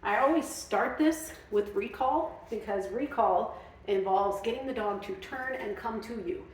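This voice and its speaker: A woman's voice: on the high side, measured pace, far from the mic. A woman dog trainer explaining her methods in a casual, chatty way, with many fillers. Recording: very echoey room, off-mic.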